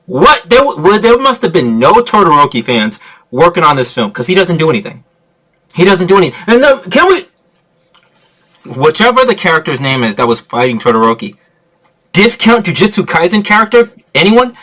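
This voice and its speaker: A man giving a casual, excitable movie review rant, laughing often and swearing freely. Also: sits high, normal speed.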